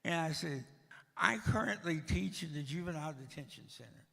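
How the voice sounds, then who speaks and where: A man's voice: fairly high pitch, lively intonation, normal speed, creaky, bright, forceful tone, long reverb tail. An older man giving a storytelling talk at a church, with a dry, joking manner. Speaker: guest speaker.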